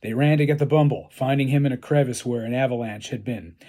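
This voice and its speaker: A man reading his own short story aloud, in a dry, deadpan delivery. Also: medium pitch, fast.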